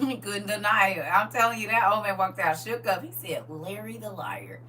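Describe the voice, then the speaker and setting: A woman's voice: mid-range voice, brisk. A middle-aged woman casually telling a story to her viewers, acting out the quotes and laughing as she goes. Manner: animated, laughing, acts out quotes. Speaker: livestream host. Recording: distant mic with faint hum.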